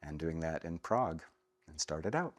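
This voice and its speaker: A middle-aged man from Atlanta, Georgia, working as a voice actor, telling stories in a relaxed way in a casual interview and laughing easily. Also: extremely low pitch, moderate pace. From Atlanta, Georgia, USA. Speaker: guest, voice actor.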